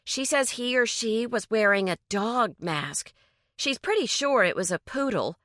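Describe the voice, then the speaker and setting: A bright, teasing woman who runs her friends' dinner table and loves showing off her cooking. Her voice lifts high and playful as a woman reads her part. The sound is dry and close. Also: measured pace, no room sound. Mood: cheerful. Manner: lively, sing-song and coaxing. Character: bubbly confident woman cook, teasing hostess.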